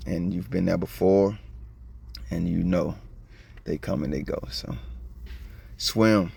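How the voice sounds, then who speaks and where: A man from Georgia with a Southern accent, giving slangy, preachy video commentary that swings from soft to loud. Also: lowish voice, gravelly. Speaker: copwatch commentator.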